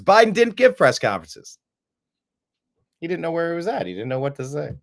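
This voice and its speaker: A man's voice: mid-range voice, sing-song, quick pace. A man hosting a political commentary show, talking emphatically and sarcastically, often repeating words for effect. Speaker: host.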